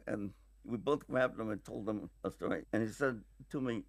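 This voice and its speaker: A male screenwriter telling an anecdote in an archive interview, speaking haltingly with long pauses. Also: mid-range voice, no echo.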